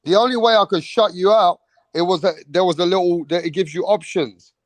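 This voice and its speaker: A man's voice: sits high, fairly quick, dry recording. A man, hosting a live online show, ranting in an exasperated, profane way and repeating "bro" and "man". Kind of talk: heated live-stream rant.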